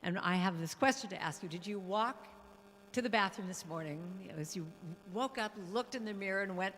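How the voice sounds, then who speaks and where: A woman guest speaker and musician giving a playful, animated spiritual talk in a church hall, now and then breaking into song. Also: mid-range voice, brisk, a little hiss or hum. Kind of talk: lively spiritual talk with singing.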